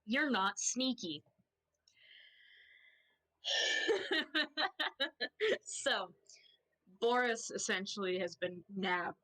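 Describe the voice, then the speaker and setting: A woman's voice: medium pitch, slow, pauses often, bright, forceful tone, poor audio. A woman narrating as game master of a tabletop game, casual and rambling, often laughing. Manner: casual, giggly, loose and rambling.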